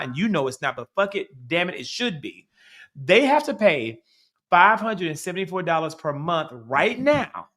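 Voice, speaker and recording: A man's voice: on the high side, pushed and bright. A middle-aged man from Mississippi with a Southern accent, co-hosting a casual political chat, rambling and swearing freely. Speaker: co-host.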